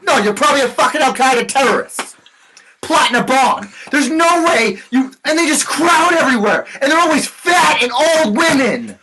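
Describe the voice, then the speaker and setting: A man's voice: extremely high pitch, lively intonation, normal speed, background noise. A young man co-hosting a podcast, telling work stories in a casual, profane, ranting way. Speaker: podcast co-host. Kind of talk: casual chat.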